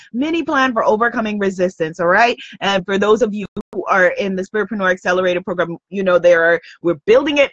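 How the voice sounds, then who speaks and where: A woman's voice: medium pitch, a bit bright, husky, no echo. Woman coach, emphatic motivational talk, dry close sound, slightly dull lo-fi audio. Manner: emphatic, repetitive, upbeat. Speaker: spiritual business coach.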